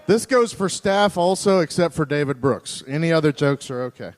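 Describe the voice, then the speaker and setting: High-voiced man teasing a crowd. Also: animated, normal speed. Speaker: assembly emcee. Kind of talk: joking crowd banter.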